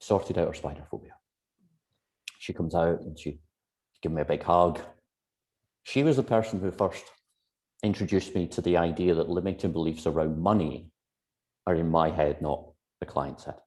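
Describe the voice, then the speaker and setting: Male guest, low mellow voice, animated storyteller acting out quotes, video call. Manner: lively storyteller who acts out quotes and laughs often. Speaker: guest hypnotherapist.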